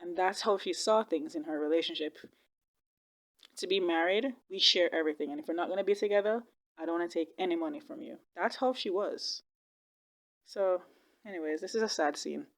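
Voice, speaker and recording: A woman hosting a casual video reaction to a TV drama, chatty and animated. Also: fairly low pitch, a little fast. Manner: chatty, animated, laughs easily. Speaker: YouTube reaction host.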